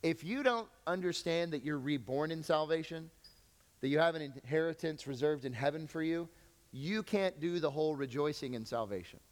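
A man with a fairly high voice preaches a sermon in a relaxed, conversational style. He slips into quick acted-out reactions as he walks through scripture. His voice rings out in a large hall with a long reverb tail. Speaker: pastor.

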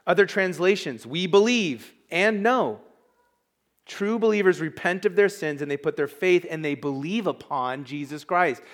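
A man's voice: fairly high pitch, lively intonation, normal speed. A man preaching a sermon as pastor, emphatic and conversational, with asides to the congregation.

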